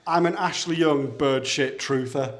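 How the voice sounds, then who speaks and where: A man co-hosts a podcast in lively banter, joking with the others. His voice sits fairly high. The room around him gives a clear echo. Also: unhurried. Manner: animated, laughing, banter-heavy. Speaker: podcast co-host. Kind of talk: casual podcast chat. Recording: echoey room.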